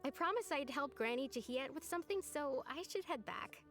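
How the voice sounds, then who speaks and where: An actress voicing a soft-spoken, wistful young woman in a video game, bravely hiding heartbreak. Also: sits high, expressive, a little fast, soft background music. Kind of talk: game voice acting.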